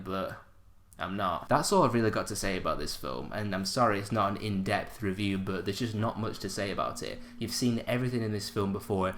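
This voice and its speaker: A man's voice: on the low side, brisk, fairly bright tone. A man giving a casual spoken movie review on his channel, blunt and unimpressed in a conversational way. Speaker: film reviewer.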